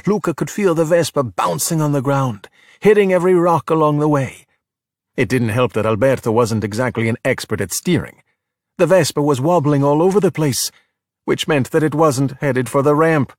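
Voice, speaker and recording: A man narrating a children's storybook in an expressive, animated way. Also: medium pitch, dry recording, clean studio sound. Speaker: audiobook narrator. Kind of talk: storybook reading.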